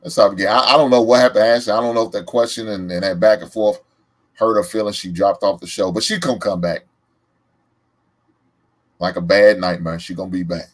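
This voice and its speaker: A man's voice: fairly low pitch, fairly quick. A man from the American South with a Southern accent, hosting a reaction show in casual, emphatic commentary. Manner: animated, emphatic, loud laughs.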